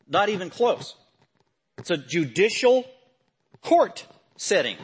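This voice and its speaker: A man delivering a sermon in a somewhat high, husky voice. He explains the passage conversationally, then swells into forceful, emphatic declarations. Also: sing-song, takes it slowly. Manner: emphatic, building to loud forceful proclamations. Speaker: preacher.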